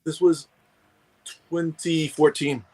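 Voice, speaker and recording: A man's voice: a little high, little pitch movement, slow pace, dark tone, poor audio. Rambling New man on a call. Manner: rambling, many restarts and fillers. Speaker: guest collector. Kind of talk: casual chat.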